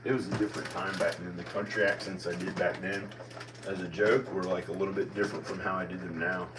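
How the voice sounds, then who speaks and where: A man in his forties delivers a quick, flat ramble in a low voice with an American country accent. He muses and second-guesses himself, restarting again and again in this personal monologue. It's recorded from a distance with a faint hum of background noise.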